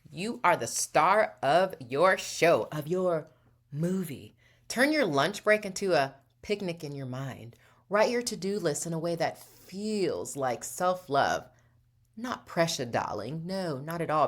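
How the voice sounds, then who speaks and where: A woman's voice: low voice, fairly bright tone. A woman hosting a motivational show who talks in a playful, theatrical way, calls the listener darling and laughs often. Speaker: podcast host. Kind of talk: upbeat motivational talk.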